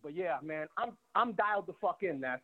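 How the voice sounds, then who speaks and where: A high-pitched man in his late thirties on a tinny phone line, out of breath as he calls from a gym. He talks cocky, profane trash in a fast, swaggering way. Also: lively intonation. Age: 30s. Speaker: fighter calling in.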